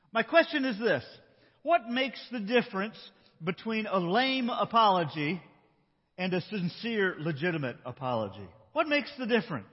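A man pastor preaching a sermon in a conversational tone, slowing down for emphasis. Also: sits high, breathy edge, long reverb tail, lo-fi sound. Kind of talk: sermon with a storytelling opening.

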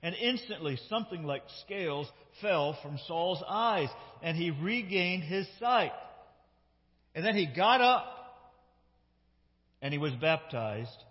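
A male lead pastor preaching a sermon, reading scripture aloud with emphatic character lines and asking the congregation questions. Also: on the high side. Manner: conversational, asks the congregation questions. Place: church sanctuary. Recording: dull reverberant church hall sound.

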